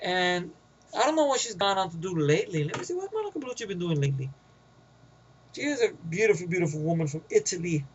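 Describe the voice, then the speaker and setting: A man's voice: sits high, sing-song, fast talker, muffled recording, a little hiss or hum. A man with a New York accent giving a rambling, profane, casual movie review, often getting sidetracked.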